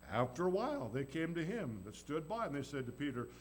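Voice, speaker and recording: A man's voice: fairly high pitch, sing-song, brisk, few pauses, poor audio. A man preaching a sermon in a folksy, storytelling way, acting out the people in the story. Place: church. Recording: faint background noise and hum.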